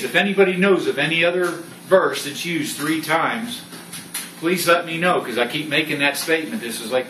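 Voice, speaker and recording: Animated man teaching a Bible study. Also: mid-range voice. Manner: animated storytelling, reads scripture aloud. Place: room with a small study group. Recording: roomy sound from a distant mic with faint noise.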